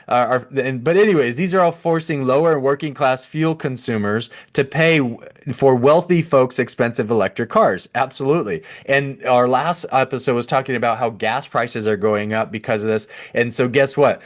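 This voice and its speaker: A man hosting a podcast, reading from an article and breaking off into sarcastic, animated commentary with mock voices and laughter. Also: medium pitch, moderate pace. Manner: sarcastic, animated, laughs at his own jokes. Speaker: podcast host. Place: at a computer.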